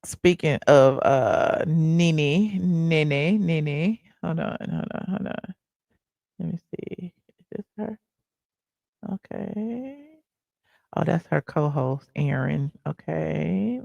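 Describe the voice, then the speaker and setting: A woman's voice: lowish voice, gravelly, darkish tone, no room sound. A woman hosting a live celebrity gossip show, chatting casually and reacting to clips with a lot of "okay" and "honey".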